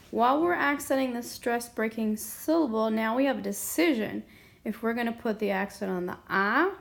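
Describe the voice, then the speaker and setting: Woman, teacher. Patient step-by-step whiteboard grammar lesson, slow delivery, voice sitting a little high. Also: gravelly. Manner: patient, explains step by step, often asks "okay?". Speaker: Spanish teacher.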